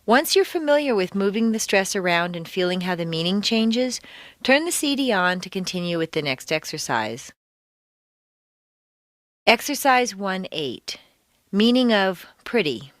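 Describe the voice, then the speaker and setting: This pronunciation teacher, working from a script for an audio course, has a medium-pitched and very animated voice. She speaks deliberately, exaggerating stress, and no room sound is audible.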